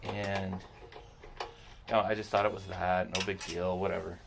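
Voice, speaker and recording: Here the man's voice sits low, with a level tone, normal pace, and some vocal fry. He's a landscaping business owner fixing equipment in a noisy setting, chatting casually to himself and teasing himself as he goes.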